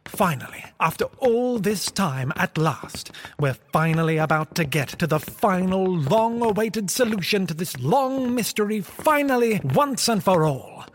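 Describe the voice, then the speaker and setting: A man's voice: high-pitched, expressive, unhurried, a little hiss or hum. A man playing a pompous, bumbling detective inspector in a vaudeville-style radio comedy. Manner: pompous, theatrical.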